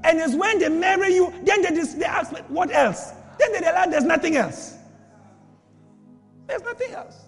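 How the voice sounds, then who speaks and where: High-voiced emphatic male preacher. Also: animated, normal speed, a bit bright, big-room sound, soft background music. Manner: emphatic, repetitive, rhetorical questions. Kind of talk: sermon.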